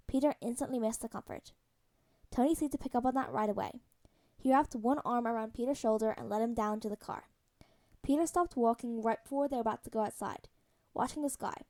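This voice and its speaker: A woman narrating a story aloud as a podfic, her voice fairly high yet mellow and warm. She reads in a soft, even storytelling manner, steady from line to line. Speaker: podfic reader. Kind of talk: audiobook-style fan fiction reading.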